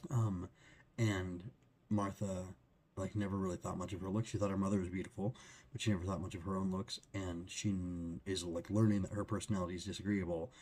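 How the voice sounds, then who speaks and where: Male book reviewer, low husky voice, rambling casual delivery full of fillers. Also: little pitch movement, fairly quick, darkish tone. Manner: rambling, with many fillers and restarts.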